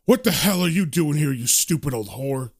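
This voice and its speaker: A man's voice: fairly high pitch, expressive, moderate pace, vocal fry, a little mellow. A man voicing a large, brutal male arsonist who snarls abuse. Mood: snarling. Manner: snarling and abusive.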